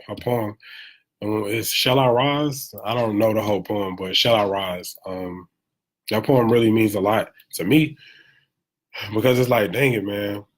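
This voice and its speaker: Speaking live from home in a lowish voice, a man delivers a casual yet preachy motivational monologue, animated and repeating phrases for emphasis.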